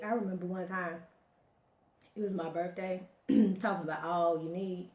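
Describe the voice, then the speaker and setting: A woman's voice: lowish voice, steady tone, moderate pace, a little mellow, roomy sound. A woman giving an emphatic motivational talk to her viewers, preaching and telling stories, calling listeners honey. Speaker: motivational live-stream host.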